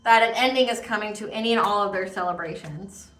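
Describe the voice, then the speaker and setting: A woman's voice: mid-range voice, fast talker, a bit bright, recorded from a distance. A woman giving a casual tarot reading, rambling and emphatic, repeating words with many fillers. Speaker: tarot reader. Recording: echoey room, voice off-mic.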